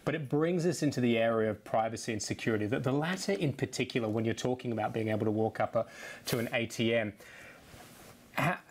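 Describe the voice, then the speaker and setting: A man, a tech journalist presenting a TV interview and asking questions with frequent restarts and fillers. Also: mid-range voice. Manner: halting, many restarts and fillers.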